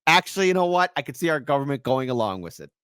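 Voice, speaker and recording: A man hosting opinion commentary, animated and indignant, rambling with restarts. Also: mid-range voice, fast, clear, resonant tone, no echo. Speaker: commentary host.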